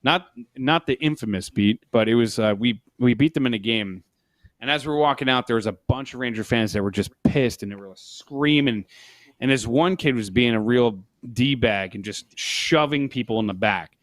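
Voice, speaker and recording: A man's voice: medium pitch, normal speed, no echo. A man co-hosting a podcast, telling a rambling story in casual chat, laughing as he goes. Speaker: podcast co-host.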